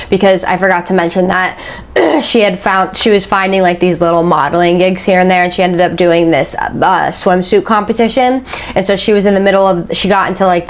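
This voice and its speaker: A woman casually retelling a story she heard, in a chatty way with many fillers. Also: fairly low pitch.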